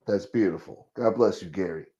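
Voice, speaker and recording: A man's voice: low voice, normal speed, dark tone. A man hosting a casual livestream, talking in a profane, offhand way. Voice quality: gravelly, profane. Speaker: livestream host. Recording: muffled lo-fi audio.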